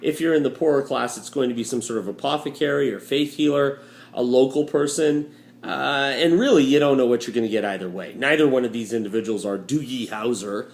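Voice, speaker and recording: A man walks through a history lesson in a relaxed, chatty tone, tossing in wry asides. His voice sits at an ordinary middle pitch. The home recording has a noticeably roomy echo. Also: fairly quick. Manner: casual, joking asides, many uh fillers. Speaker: history teacher. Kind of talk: recorded lecture walkthrough. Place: home room with a dryer running.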